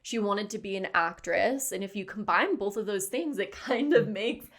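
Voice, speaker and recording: A woman's voice: medium pitch, moderate pace. A woman co-hosting a podcast, reading notes and chatting casually, laughing often. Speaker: podcast co-host. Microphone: studio podcast mic.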